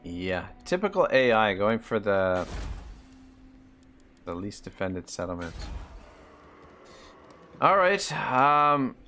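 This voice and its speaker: Low-voiced East Coast Canadian man streaming. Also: sing-song, takes it slowly, long pauses, sharp tone, a little hiss or hum. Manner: thinks aloud, plans moves, swears when annoyed. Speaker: gaming live streamer. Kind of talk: live gameplay commentary.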